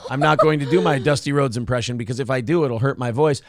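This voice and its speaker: A man's voice: medium pitch, fast, no room sound, studio quality. A man hosting a casual chat show, rambling and self-mocking with plenty of swearing. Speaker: host.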